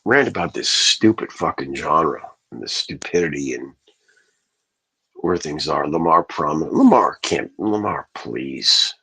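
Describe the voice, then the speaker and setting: Profane, rambling man with a husky voice. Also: a bass voice, expressive, measured pace, sharp tone, low-quality recording. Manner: profane, rambling, talks back to chat. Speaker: livestreamer. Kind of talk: casual livestream rant to chat.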